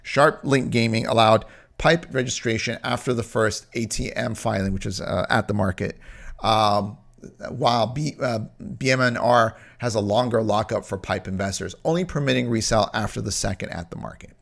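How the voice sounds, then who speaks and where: A man's voice: lowish voice, normal speed, vocal fry, fairly bright tone. A man giving casual crypto stock commentary, brash and emphatic, often repeating phrases for emphasis. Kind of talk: casual market commentary video.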